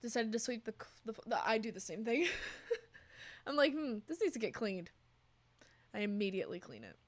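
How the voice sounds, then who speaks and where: A woman's voice: a little high, big pitch swings, moderate pace. A young woman streaming, chatting casually with her viewers and cooing over her cat. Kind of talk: casual chat with chat.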